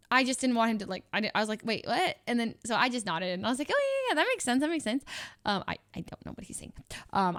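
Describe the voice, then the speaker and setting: A young woman with a somewhat high voice tells a story in a loose, rambling way. She laughs often and acts out the people she quotes in a higher voice. Her delivery is casual and animated. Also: no room sound, clean studio sound. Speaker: streamer.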